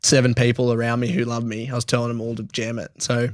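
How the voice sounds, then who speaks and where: A man's voice: mid-range voice, monotone, fast talker, dry recording, studio quality. A young Australian man in his twenties, a podcast guest, telling a story bluntly and emotionally, swearing freely and laughing often. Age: 20s. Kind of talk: candid podcast interview.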